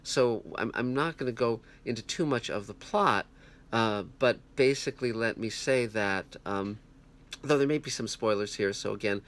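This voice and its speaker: Earnest man reviewing a film, halting. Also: mid-range voice, a bit bright. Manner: halting, many restarts and fillers, earnest. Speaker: film reviewer, channel host. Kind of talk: casual spoken film review. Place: home, puppies heard nearby. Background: puppies growling.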